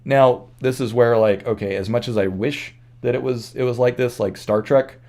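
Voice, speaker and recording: Speaking at a moderate pace in a mellow, mid-range voice, the host of a channel delivers unscripted monologue commentary. His tone is reflective and earnest, and his sentences keep breaking off and getting corrected partway through.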